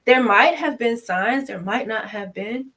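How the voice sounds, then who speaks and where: Woman, thirties, casual chat co-host, animated, acts out quotes. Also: on the high side, unhurried, low-quality recording. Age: 30s. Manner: animated, acts out quoted voices, laughs often. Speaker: podcast co-host.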